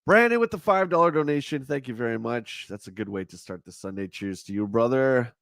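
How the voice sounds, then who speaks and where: A middle-aged man with a nasal voice, hosting a casual morning livestream chat in a relaxed, chatty way. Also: medium pitch, brisk, vocal fry, no room sound, studio quality. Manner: relaxed, chatty, laughs easily. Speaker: livestream host.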